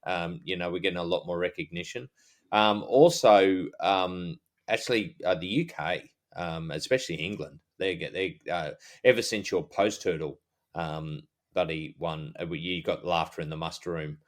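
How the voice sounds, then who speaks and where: Man, Australian accent, middle-aged, very deep voice, rambling podcast chat, lots of ums. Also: moderate pace. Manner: rambling, many fillers and restarts. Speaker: podcast co-host.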